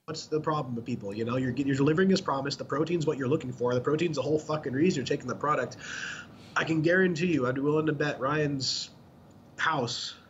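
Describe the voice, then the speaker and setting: A man talks fast and emphatically, cursing freely as he breaks a topic down for his co-host. His voice sits somewhat high for a man. The recording is dull and lo-fi, with a faint hiss underneath. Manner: blunt, profane, emphatic explaining. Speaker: podcast co-host. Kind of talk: casual podcast chat. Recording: dull lo-fi sound with faint noise.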